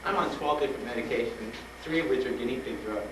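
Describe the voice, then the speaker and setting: A man's voice: medium pitch, fast. Man telling his story in an echoey hall. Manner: animated, acts out dialogue, laughs often; frank and urging. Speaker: guest speaker at a school. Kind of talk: personal storytelling talk to students. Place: school hall with an audience. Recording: roomy old tape from a distant mic, noisy.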